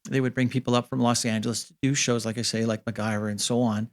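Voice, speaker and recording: A man in his fifties from Canada, a guest in an interview, telling stories from his career casually and acting out the dialogue with lively jumps in pitch. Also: fast talker. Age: 50s. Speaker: interview guest, special effects supervisor.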